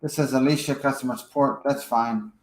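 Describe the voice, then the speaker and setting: A man giving a casual screen-share software tutorial, thinking aloud as he edits and checking in with "okay?". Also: mid-range voice, steady tone, a little fast, roomy sound, slight background noise, low-quality recording. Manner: casual, thinks aloud while editing, frequent fillers and "okay?" check-ins. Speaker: software trainer.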